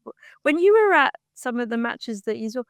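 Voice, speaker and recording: Woman podcast co-host, smooth clear voice, enthusiastic reactions. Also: a little high, very animated, brisk, dry recording, studio quality. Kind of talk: casual chat.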